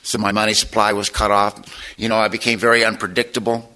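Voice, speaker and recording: A middle-aged man, sounding used to addressing rooms of people, gives personal testimony to a meeting in a plain, informal, folksy storytelling style with bits of wry humor. His voice is bright and forceful yet on the low side, delivered flatly and fast. The recording is rough.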